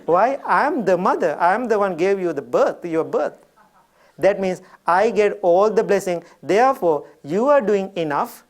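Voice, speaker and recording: A man's voice: sits high, lively intonation, moderate pace. A man quoting his older mother, a pious and insistent woman, in a raised, emphatic voice.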